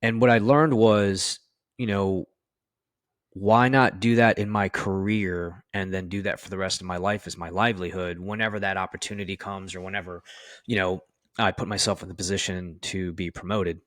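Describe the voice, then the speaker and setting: In a casual interview, a firefighter officer with a low, slightly bright voice tells fire-service stories at a moderate pace with fairly even intonation. He's candid and swears freely, leans on "you know," and acts out what his old officers said. The sound is dry and close, with no room tone.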